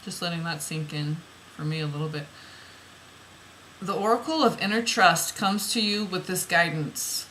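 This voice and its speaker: A woman's voice: fairly low pitch, moderate pace, a bit bright, slight background noise, low-quality recording. A woman reading oracle card messages aloud, then musing about them in loose, rambling asides that repeat phrases.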